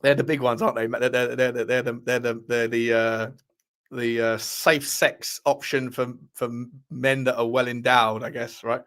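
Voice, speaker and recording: A man's voice: medium pitch, level tone, normal speed, a bit bright, smooth. A man hosting a casual live chat, rambling, bantering with viewers and laughing often. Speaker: livestream host reading chat.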